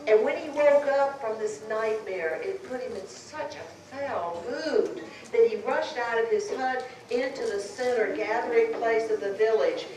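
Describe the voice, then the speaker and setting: Slow dramatic woman storyteller in an echoey room. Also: fairly high pitch, a little mellow. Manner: dramatic, drawn-out phrasing. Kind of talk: live folktale telling to an audience. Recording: echoey room, far mic, background noise.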